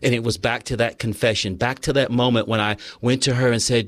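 A man's voice: mid-range voice, fairly even intonation, a little fast, few pauses, fairly bright tone, no room sound. A man preaching a sermon, earnest, telling personal stories and reading passages aloud from a book. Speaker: pastor.

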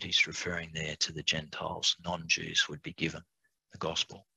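A man preaching a Bible study sermon, reading scripture aloud and slowing down on key words for emphasis. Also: a bass voice, fairly even intonation, gravelly, sharp tone, breathy edge, no room sound, rough recording.

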